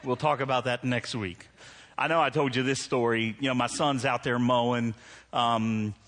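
A man's voice: mid-range voice, fairly even intonation, moderate pace, a bit bright. A man pastor, preaching a sermon in a conversational, self-deprecating way that rises into emphatic preaching. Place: church hall. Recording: long hall reverb.

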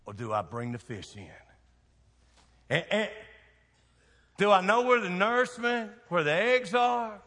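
A man's voice: high voice, big pitch swings, unhurried, pauses often, pushed and bright, big-room sound. A man, a pastor preaching a sermon with folksy, emphatic storytelling.

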